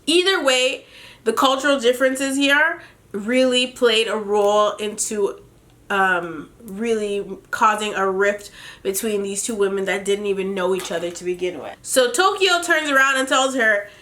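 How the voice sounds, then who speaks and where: A woman's voice: medium pitch, a little slow, a bit bright. A young woman from Jamaica casually recapping a reality show, chatty and opinionated, laughing as she retells scenes.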